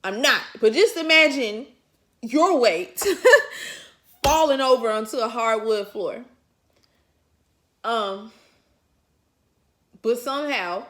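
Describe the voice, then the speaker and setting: A woman's voice: on the high side, takes it slowly, long pauses, a bit bright. A woman vlogger telling a personal story to her viewers in casual, colloquial chat, chuckling often as she talks. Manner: talks straight to the audience.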